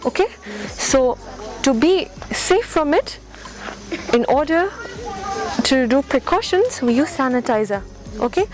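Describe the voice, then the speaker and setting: A high-pitched woman speaks through a face mask while she shows a group of children how to stay clean. She is patient and repetitive, with short encouraging praise and constant checks that they follow. Music plays clearly behind her. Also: animated, measured pace, low-quality recording. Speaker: charity volunteer teaching children. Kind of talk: instructing children. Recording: music playing under the speech. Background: loud background music.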